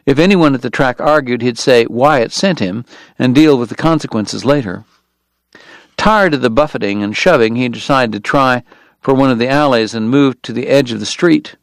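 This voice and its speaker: A man narrating an audiobook in a steady, measured storytelling voice. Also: mid-range voice, no echo. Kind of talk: scripted narration.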